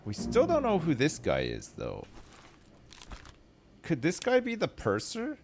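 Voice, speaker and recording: Unhurried man musing over a game. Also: a little high, huge pitch swings, background noise. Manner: thinking aloud, musing over clues. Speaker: streamer. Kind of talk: gameplay commentary. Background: game music.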